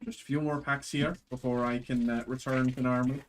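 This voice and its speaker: Guy ripping packs on a live stream, rattles off card names, average pitch, talks back to chat. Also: flat delivery, a little fast, slight background noise. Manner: chatty with chat viewers, thanks buyers. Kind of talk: live stream pack opening.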